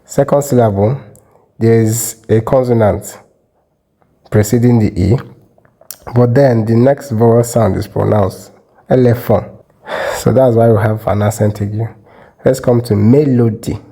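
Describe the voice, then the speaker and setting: Male language teacher, dark mellow tone, patient step-by-step explainer. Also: mid-range voice, fairly even intonation, poor audio. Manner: methodical, repeats example words slowly. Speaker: French teacher. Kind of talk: explanatory lesson.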